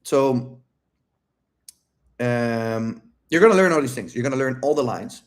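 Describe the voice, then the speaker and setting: A man's voice: mid-range voice, lively intonation, unhurried, pauses often. A man who works as a dating coach, talking brashly in a casual livestream Q&A. He swears freely and laughs often. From outside the United States.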